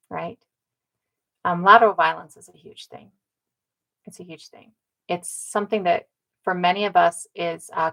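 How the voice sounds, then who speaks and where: A woman's voice: fairly low pitch, vocal fry, bright, forceful tone, rough recording. A woman from North America giving an emphatic, casual talk, who repeats her points and keeps checking in with "right?". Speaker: speaker on ancestry and community.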